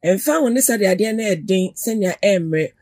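A guest explaining points in a measured, drawn-out way. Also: medium pitch, lively intonation, dark tone, no room sound, clean studio sound. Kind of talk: casual chat, explaining.

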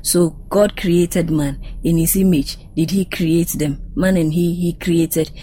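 A Ghanaian woman on a faith panel, explaining points patiently with examples. Her voice sits a little low and has a husky edge. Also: fairly even intonation, slow, dark tone, rough recording. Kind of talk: panel discussion on Bible study.

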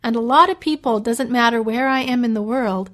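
A middle-aged Canadian woman with a Canadian accent, teaching English in a slow, careful way and reading a list aloud. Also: fairly high pitch, a bit bright. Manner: slow and clearly spoken, reads a list aloud.

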